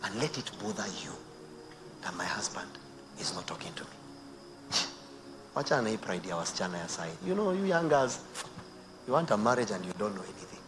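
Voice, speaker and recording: A Kenyan man preaching a sermon to married women, swinging between hushed near-whispers and loud emphatic bursts, mixing Swahili phrases into his English. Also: fairly low pitch, big pitch swings, fairly quick, long pauses, music in the background. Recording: noisy outdoor recording with insects.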